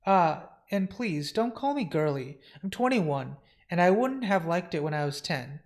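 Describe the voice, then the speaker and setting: A man's voice: sits high, sing-song, measured pace, darkish tone. A man voicing a blunt, wary young woman in her twenties while reading a comic. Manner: blunt, plain-spoken.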